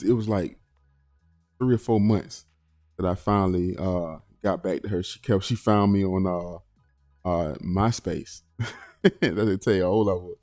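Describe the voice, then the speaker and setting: A man's voice: warm tone, no room sound, clean studio sound. A man, casually telling a personal story to his viewers as a channel host, rambling with restarts. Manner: rambling with restarts, acts out quotes in a high voice.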